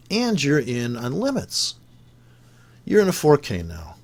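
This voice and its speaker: A man on a heated, swearing rant about trading, sarcastic and exasperated. His pitch swings widely, jumping between loud outbursts and low muttered asides. He has just woken up irritated and sounds it. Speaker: forex trading vlogger. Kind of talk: profane ranting commentary over charts.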